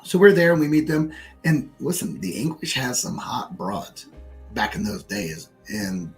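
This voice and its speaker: A man's voice: medium pitch, unhurried, faint music behind. An American man telling a story in casual, profanity-laced pub chat. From United States. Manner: animated storyteller, swears freely.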